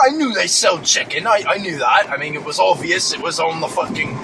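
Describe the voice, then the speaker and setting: A man with a put-on British accent, improvising a rambling comedy story in character inside a car, stammering and deadpan. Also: sits high, normal speed, noisy background.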